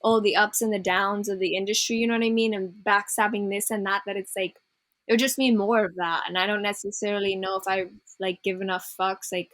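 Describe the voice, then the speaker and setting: A woman's voice: mid-range voice, fairly even intonation, a little fast, fairly bright tone, no room sound. Rambling young woman podcast co-host. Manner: rambling, filler-heavy, profane. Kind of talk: casual chat recapping a TV show.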